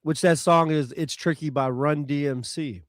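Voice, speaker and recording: A man's voice: fairly high pitch, fairly even intonation, normal speed, no room sound, clean studio sound. A man co-hosting a podcast who shares trivia in a loose, offhand way, full of fillers. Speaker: podcast co-host. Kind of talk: casual chat.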